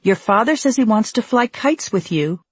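A woman's voice: a little high, expressive, moderate pace, husky, no room sound, voice pushed up. A woman reading the lines of a patient middle-aged cartoon mother from a script.

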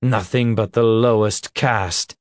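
A man's voice: fairly low pitch, fairly even intonation, slow, dry recording, clean studio sound. A man voicing a proud, humiliated male elf warrior in an audiobook, speaking with sullen contempt. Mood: bitter. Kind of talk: audiobook character voice.

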